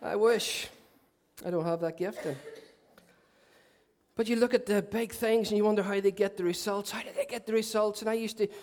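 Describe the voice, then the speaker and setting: Pastor guy preaching in church, pretty high voice, rambly jokey asides. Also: steady tone, moderate pace, a little mellow, a little hiss or hum. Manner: chatty, self-mocking humour with asides. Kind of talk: sermon. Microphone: handheld mic.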